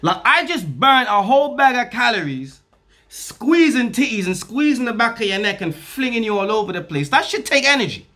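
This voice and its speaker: A young man tells a crude personal story, loud and animated, acting out both sides of an argument. His voice sits high and swings widely in pitch. The tone is bright and cutting. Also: normal speed. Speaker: vlogger telling a story. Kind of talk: storytime rant to camera.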